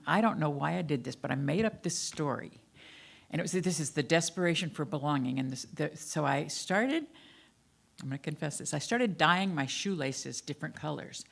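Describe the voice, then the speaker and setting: In a church sanctuary, a guest minister preaches a sermon full of personal storytelling, speaking candidly and self-deprecatingly about her life to the congregation. She's an older woman from the American South whose Southern accent has faded, and her voice is deep and gravelly.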